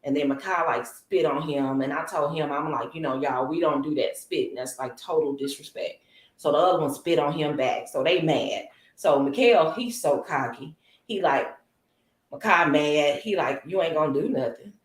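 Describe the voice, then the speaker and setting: A woman guest, a mother of twin boys, chatting casually and telling playful, expressive stories. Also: low voice, normal speed. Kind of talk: casual chat. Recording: roomy echo.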